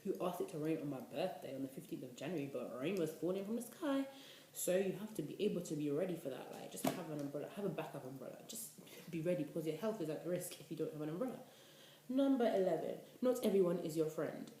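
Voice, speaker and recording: A woman in her twenties from the UK, a university student giving casual life advice in an animated, chatty way. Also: sits low, fast. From United Kingdom. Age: 20s. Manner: chatty, animated, preachy asides. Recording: echoey room, faint noise.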